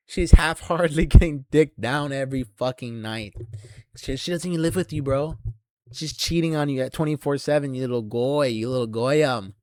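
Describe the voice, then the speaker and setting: A man's voice: medium pitch, moderate pace, no echo. Young guy ranting at the camera, taunting and swearing, voice right up close and dry. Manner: aggressive, taunting and heavily profane, swelling into shouts. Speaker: channel host.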